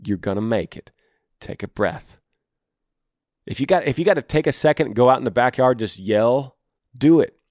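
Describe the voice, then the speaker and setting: A man's voice: medium pitch, animated, quick pace, a little mellow, dry recording. A middle-aged man hosting an advice podcast, talking earnestly and encouragingly in a folksy, casual way, close to the microphone. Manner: earnest, encouraging, folksy, calls listener brother. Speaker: podcast host. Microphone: close studio microphone.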